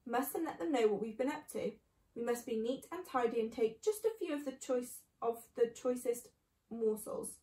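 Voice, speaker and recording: A woman's voice: on the high side, moderate pace, dark tone, lightly acted. Boastful grinning fox father, commanding, storybook, woman reading, roomy sound. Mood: fussy. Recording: echoey room.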